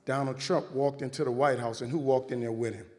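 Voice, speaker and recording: A man moderating a screening Q&A in a large hall, speaking in a steady, preacherly cadence. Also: mid-range voice, a little fast. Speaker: panel moderator. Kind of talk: hosting a screening Q&A. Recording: reverberant hall.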